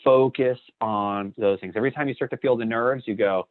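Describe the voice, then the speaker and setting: A man leading a training session in an energetic coaching way, acting out sample lines. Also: medium pitch, a little fast, hardly any pauses. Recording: dry, tinny phone-like line.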